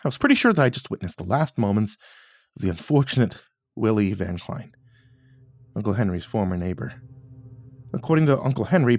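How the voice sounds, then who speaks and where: A man narrating a first-person horror story in a dramatic way, at times rising to near-shouts. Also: on the low side, gravelly. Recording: faint music underneath.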